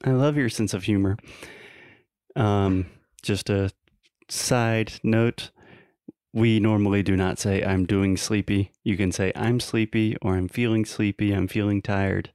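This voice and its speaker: A man's voice: on the low side, fairly even intonation, a little slow, darkish tone, clean tone, no echo, studio quality. A man co-hosting a casual podcast and teaching English, teasing his co-host and explaining pronunciation.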